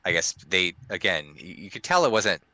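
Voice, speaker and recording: A man's voice: sits low, very animated, a little fast, sharp tone, no room sound. A man co-hosting a podcast in casual chat, rambling with many restarts and fillers. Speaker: podcast co-host.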